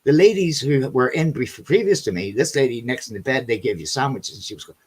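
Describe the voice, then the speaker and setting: A man's voice: medium pitch, animated, fairly quick, darkish tone, breathy edge. Rambling, cussing male chat host. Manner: rambling storyteller, swears freely, calls people buddy and man. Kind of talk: casual chat.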